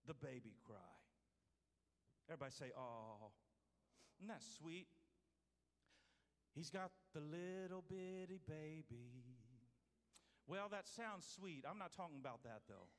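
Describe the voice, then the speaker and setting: A male pastor preaching a sermon, swinging from loud to hushed. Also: a little high. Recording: hall reverb.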